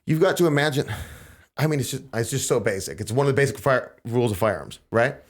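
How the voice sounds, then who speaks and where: A man hosting a podcast, telling events in a casual, animated way and acting out quotes in a raised voice. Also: mid-range voice, fast talker. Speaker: podcast host. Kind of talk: casual conversational storytelling.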